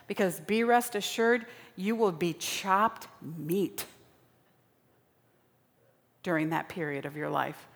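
A woman's voice: medium pitch, sharp tone. A woman preaching a sermon in a dramatic style, repeating phrases for emphasis. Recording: long reverb of a large hall.

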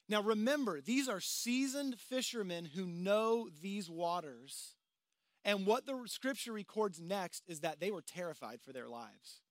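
A man's voice: high-pitched, a bit bright, no room sound, clean studio sound. A man preaching a sermon in a casual, conversational way, acting out the voices of the people in the story. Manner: conversational, dramatizing voices of the disciples. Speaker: pastor. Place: outdoors by the water.

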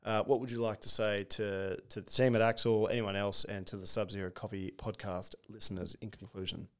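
A man's voice: lowish voice, flat delivery, a little fast, smooth. Jokey podcast host, man. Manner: upbeat, jokey, playful. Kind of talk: casual podcast interview.

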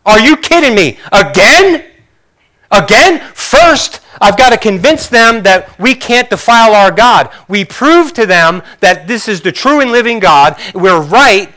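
A male preacher voicing an exasperated grown man who complains loudly and incredulously in a raised, whiny voice. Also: sits high, animated, unhurried, voice pushed up, full character voice. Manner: whiny, incredulous, raising his voice.

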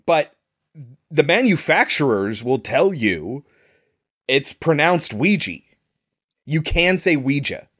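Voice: medium pitch, very animated, slow pace, long pauses, a bit bright, husky. A podcast co-host in casual chat, wry and mock-exasperated, laughing often.

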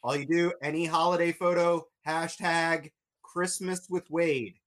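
A man's voice: fairly high pitch, fairly even intonation, a little slow, fairly bright tone. Easygoing man chatting about collectibles. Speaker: show co-host. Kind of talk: casual chat about collectibles.

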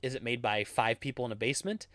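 A man's voice: medium pitch, quick pace, no echo. Rambling man, dry close sound. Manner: rambling, animated storytelling with laughs and acted-out customer quotes. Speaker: game store worker answering viewer questions. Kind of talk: casual monologue answering questions.

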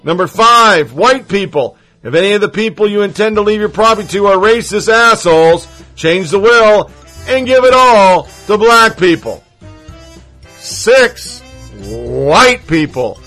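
Brief: man doing a Southern older woman, preachy and demanding, slow drawl, highish voice. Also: lively intonation, bright, forceful tone, soft background music, heavily acted.

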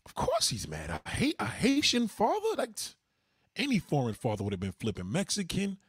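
Husky, animated man talking on a livestream. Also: on the high side, moderate pace, dry recording, clean studio sound. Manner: loud, profane, animated storytelling. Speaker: livestream host. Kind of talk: casual livestream chat.

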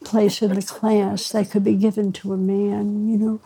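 A woman's voice: mid-range voice, little pitch movement, normal speed, dark tone, husky. An older woman, a pediatrician, telling her story in an interview, reflective and wry, laughing between phrases. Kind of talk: storytelling in conversation.

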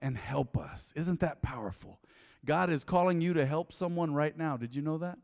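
A middle-aged man preaching a sermon in a church, telling candid stories from his own life and building to a loud, fervent prayer. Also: fairly high pitch, lively intonation, normal speed. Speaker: pastor. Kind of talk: sermon with personal testimony. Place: church sanctuary. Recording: long church hall reverb.

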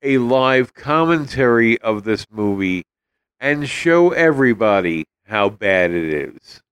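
A man's voice: medium pitch, expressive, slow pace, a bit bright, smooth, no room sound. A man co-hosting a podcast, laid-back, answering in brief replies. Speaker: podcast co-host. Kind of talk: casual comedic movie review chat.

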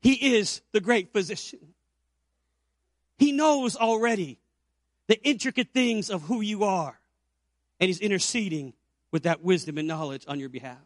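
A man in his fifties preaching an Easter sermon as pastor, building to emphatic peaks and dropping to quiet low stretches. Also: expressive, moderate pace, pauses often, dry recording, clean studio sound.

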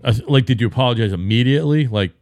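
A man's voice: medium pitch, rapid-fire, darkish tone, no echo. Boston guy in his fifties, cussing constantly, blunt chat, mic dead dry. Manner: profane, blunt banter. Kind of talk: casual chat.

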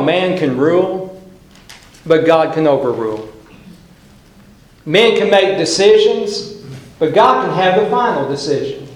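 A middle-aged man preaching a sermon as pastor, telling folksy stories with dramatic pauses. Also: fairly high pitch. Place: church sanctuary. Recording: echoey church hall.

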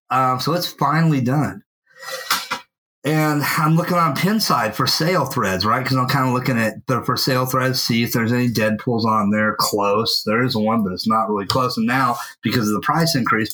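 A man co-hosting a podcast, telling a long story in a casual, animated way and swearing freely. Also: mid-range voice, poor audio. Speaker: podcast co-host. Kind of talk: casual chat. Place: at home.

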